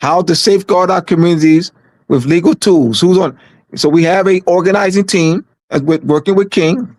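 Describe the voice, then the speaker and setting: A man's voice: high voice, normal speed, darkish tone, no echo. A man speaking on a community livestream in a casual, emphatic way, repeating phrases for stress.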